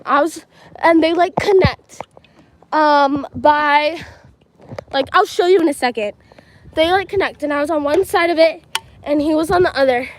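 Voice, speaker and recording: A woman's voice: sits high, normal speed, long pauses, a little hiss or hum, low-quality recording. Chatty teen girl livestreaming outdoors. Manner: chatty, rambling, full of "like" and "um". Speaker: livestreaming vlogger. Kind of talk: casual storytelling livestream. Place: outdoors at a school field and playground. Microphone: handheld phone.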